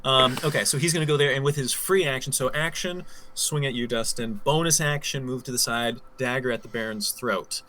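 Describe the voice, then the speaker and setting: A man's voice: medium pitch, brisk, hardly any pauses, sharp tone, a little hiss or hum. A man narrating as game master, thinking aloud with frequent ums and counting out moves.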